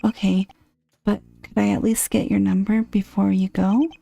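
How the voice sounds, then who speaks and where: Give me a woman doing a bashful lovesick ogre in a game, earnest and dark-toned. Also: mid-range voice, little pitch movement, moderate pace, creaky. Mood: tender.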